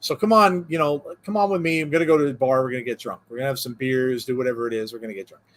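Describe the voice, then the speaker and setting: A man's voice: mid-range voice, very fast, fairly bright tone, close to an everyday voice. A man voicing a bored male superhero who whines about wanting a night out, in a joke he tells. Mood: restless.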